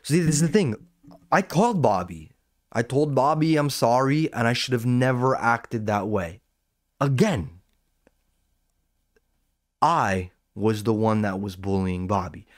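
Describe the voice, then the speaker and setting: A man's voice: medium pitch, animated, a little slow, pauses often, no echo, clean studio sound, natural voice. A man impersonating a brash young man who gives an overly earnest, insincere public apology. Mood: mock-contrite.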